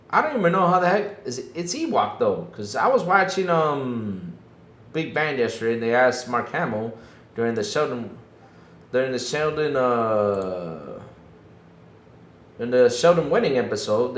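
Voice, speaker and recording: Playful man in a lively echoey room. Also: mid-range voice. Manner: playful, self-mocking, laughs often, mock-whiny. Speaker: livestream podcast host. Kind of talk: casual live-chat banter.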